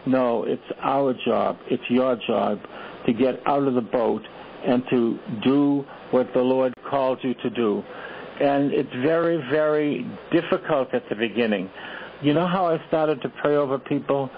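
Priest preaching over tinny radio. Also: male voice, mid-range voice, measured pace, slight background noise. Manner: repetitive exhortations, rhetorical questions. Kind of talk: sermon.

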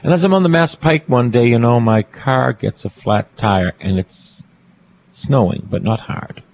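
A man's voice: medium pitch, measured pace, a little mellow, muffled recording. A Catholic priest, a man, preaching a storytelling sermon, repeating phrases for emphasis and asking his listeners questions.

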